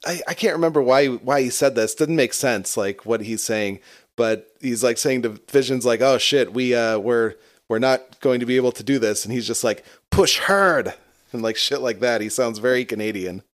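A man chatting casually on a podcast, laughing often and cursing freely. His voice sits at an ordinary middle pitch. He sounds loose and unguarded. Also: moderate pace. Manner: laughs a lot, swears freely. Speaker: podcast co-host. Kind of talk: casual chat.

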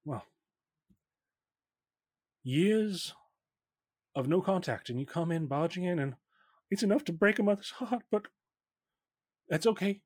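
A cloying, manipulative mother who calls her grown daughter honey and darling while piling on guilt, as a man puts her on. The voice sits noticeably higher than a man's usual talk and stretches its sweetest phrases slowly. The recording is dry and close. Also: husky, no room sound. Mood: wheedling.

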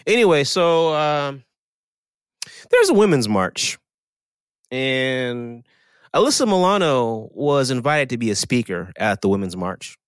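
A man's voice: very animated, measured pace, long pauses, clean tone, dry recording. A man co-hosting a casual podcast, rambling and sardonic in his opinions. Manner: sardonic, rambling, sudden pitch swings. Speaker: podcast co-host.

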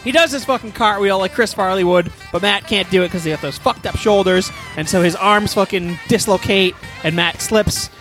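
A man's voice: high-pitched, normal speed, hardly any pauses, a bit bright, faint music behind. A man improvising a crude, rambling comedy story as host, with heavy profanity.

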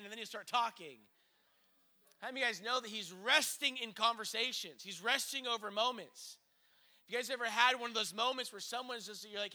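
A man's voice: very high voice, a little fast, sharp tone. A man preaching a conversational sermon as pastor, earnest, with frequent restarts and acted-out asides.

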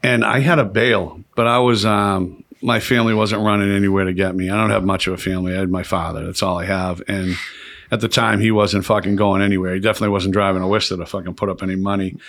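Man, 50s, podcast host, animated, profane storyteller. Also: deep voice, quick pace. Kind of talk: casual storytelling chat.

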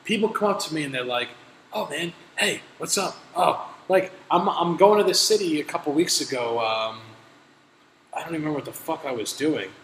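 A man hosting a casual podcast, telling stories in animated, profane rants with an exasperated edge. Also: a little high, fairly quick. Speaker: podcast host. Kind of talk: casual chat, storytelling. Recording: echoey room with faint noise.

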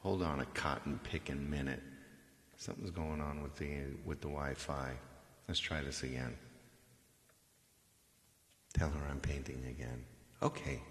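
A man casually hosting a live music stream, joking and rambling playfully with a raspy voice. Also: very deep voice, steady tone, unhurried, pauses often, in a large hall. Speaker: live stream singer host.

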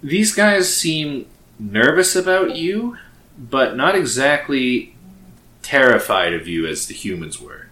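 A man narrating a tabletop role-play game as game master, in a relaxed way with many fillers. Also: mid-range voice, takes it slowly, echoey room.

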